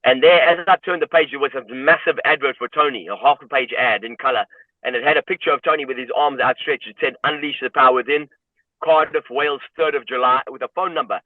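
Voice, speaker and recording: A man's voice: mid-range voice, fast, no echo. A man from South Africa, a guest telling a personal story in a reflective way, often filling with "you know". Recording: tinny phone-like line, dry.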